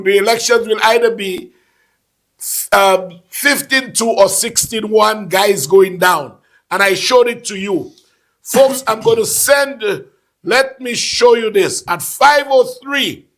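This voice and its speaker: A man hosting a casual talk show, animated and laughing, repeating phrases for emphasis. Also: sits high. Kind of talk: casual call-in political chat.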